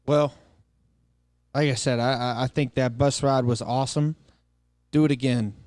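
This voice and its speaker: A man's voice: mid-range voice, steady tone, normal speed, a little mellow, no echo. A man on a sports podcast panel, teasing and drawing out his pick. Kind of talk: casual sports banter.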